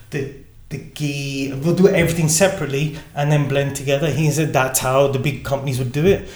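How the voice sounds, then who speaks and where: A man, a gin distillery founder, telling a lively story in conversation and acting out the dialogue. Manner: acts out quoted dialogue with changing pitch. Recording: echoey room.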